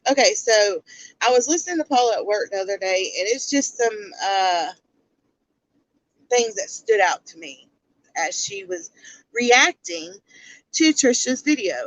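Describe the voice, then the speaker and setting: A blunt woman hosts casual livestream commentary in a medium-pitched voice, and the audio sounds dull. She keeps tossing rhetorical questions at her viewers.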